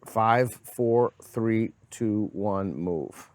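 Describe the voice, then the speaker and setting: A man's voice: fairly low pitch, drawn-out words, a little mellow. A man with a Boston accent hosting a casual street interview, playful and teasing. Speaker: host. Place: outdoors on a college campus.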